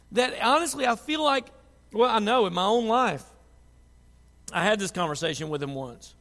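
A man preaching a sermon, moving from quiet reflection to loud, impassioned pleading. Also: high-pitched, lively intonation, a little slow, pauses often. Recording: long hall reverb.

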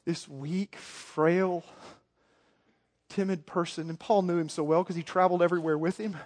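A man preaching a sermon as pastor, moving from quiet storytelling to yelling with passion. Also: high voice, steady tone, moderate pace. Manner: swings from soft to yelling. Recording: long hall reverb.

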